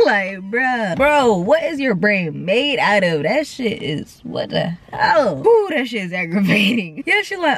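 A woman's voice: high voice, measured pace, few pauses. A young woman, chatting casually to camera and telling stories full of quoted voices. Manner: animated storytelling with quoted voices and laughs. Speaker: vlogger.

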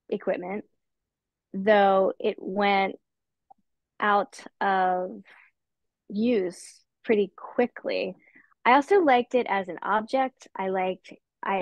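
A woman's voice: mid-range voice, no room sound. Thoughtful woman author, dry dull sound. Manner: thoughtful, with restarts and soft laughs. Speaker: author being interviewed. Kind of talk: conversational author interview.

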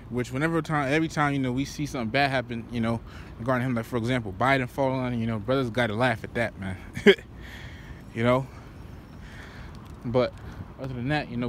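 A man's voice: medium pitch, low-quality recording. Profane rambling street preacher man. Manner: profane, rambling, repeats "you know" and "man". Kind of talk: outdoor walking sermon. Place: outdoors by a road. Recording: street traffic noise behind.

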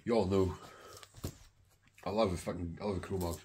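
A man's voice: sits low, fairly even intonation, moderate pace, dark tone, a little hiss or hum. A middle-aged man and record collector chatting casually to camera, rambling and swearing heavily with enthusiasm.

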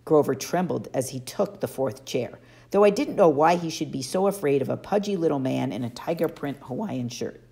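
A woman narrating a children's novel aloud, expressively and slowing down for emphasis. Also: low-pitched, lively intonation, vocal fry, warm tone. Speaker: audiobook reader. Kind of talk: storybook narration.

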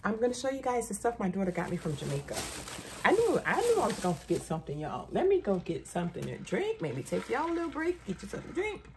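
A middle-aged woman chatting casually to camera about a shopping haul, an animated storyteller who often says "y'all.". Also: medium pitch, quick pace, slight background noise. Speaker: haul vlogger.

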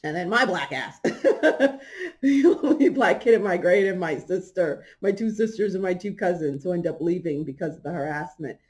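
Animated middle-aged woman telling a story. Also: lowish voice, moderate pace. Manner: animated, laughs often, acts out quoted people. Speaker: podcast host. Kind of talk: casual storytelling.

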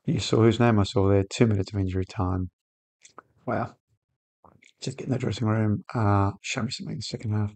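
A man's voice: fairly low pitch, brisk, long pauses. A man hosting a football management game video, chatting casually and getting worked up at the match on screen. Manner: excitable, shouts at players on screen. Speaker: gaming channel host. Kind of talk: casual gameplay commentary.

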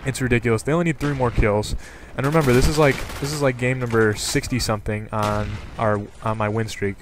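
A young man giving casual commentary on a video game, rambling and excitable, with lots of fillers. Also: mid-range voice, a little fast, background noise. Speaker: gaming commentator. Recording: game sound and gunfire behind. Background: gunfire from gameplay.

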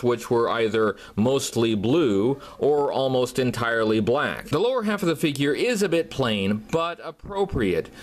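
A man reading a toy review aloud in a measured, earnest voice of ordinary pitch. He sounds steady and scripted, like a longtime reviewer.

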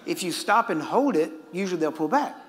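A man's voice: high-pitched, animated, fairly quick, a little hiss or hum. Emphatic preacher man. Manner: emphatic, questioning the audience. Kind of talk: sermon.

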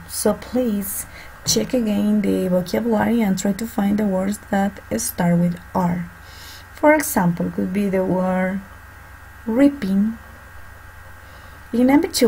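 Gravelly-voiced woman teaching kids. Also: medium pitch, warm tone, poor audio. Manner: slow, repeats and spells out words for students. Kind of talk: online class instruction. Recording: faint background noise.

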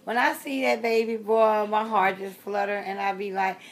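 A woman's voice: mid-range voice, level tone, normal speed. A woman in her sixties talking casually to her viewers, chatty and rambling, often repeating herself and trailing off with fillers. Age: 60s. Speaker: reborn doll collector vlogger. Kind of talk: casual rambling vlog talk.

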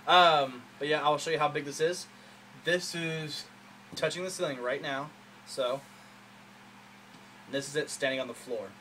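A man's voice: on the high side, fairly even intonation, unhurried, pauses often, sharp tone, slight background noise, poor audio. Rambling, upbeat man in a small room. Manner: rambling, enthusiastic, many fillers. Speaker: hobbyist showing a custom saber. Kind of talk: casual show-and-tell vlog.

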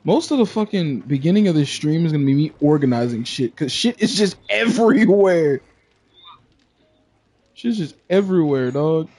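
A man's voice: on the high side, animated, normal speed, darkish tone, slightly rough. A young man streaming a video game, talking casually with lots of swearing, laughter and silly sung nonsense syllables. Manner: profane, laughs a lot, sings nonsense syllables. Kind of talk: casual gaming stream chat.

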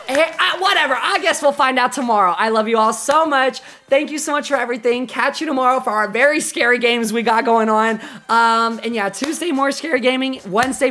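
A woman's voice: on the high side, fairly bright tone. A woman streamer ending her live stream with a long, affectionate, rambling sign-off to her chat, swearing casually.

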